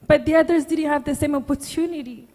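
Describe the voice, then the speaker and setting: A woman's voice: high-pitched, quick pace, warm tone. A woman speaking at a youth conference, near tears, apologizing and laughing as she speaks. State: on the verge of crying. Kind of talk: emotional speech. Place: large conference hall. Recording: echoey hall, long reverb.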